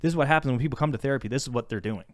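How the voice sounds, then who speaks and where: A man's voice: medium pitch, very fast, no echo, studio quality. A man speaking as a therapist in a casual podcast chat, reflective and searching, often restarting his sentences as he works his thoughts out.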